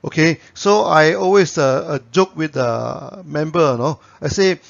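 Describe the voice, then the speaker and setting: A man's voice: fairly high pitch, animated, moderate pace, vocal fry, few pauses. A man, a company founder telling anecdotes in a promotional talk to camera, tagging his sentences with "you know". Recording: dull lo-fi recording.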